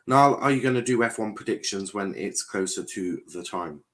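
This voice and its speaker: A fairly low-pitched male voice, moderately paced and a bit bright, belongs to a young man hosting a casual football watchalong stream. He reads viewers' comments aloud, rambles, and keeps repeating himself with plenty of fillers.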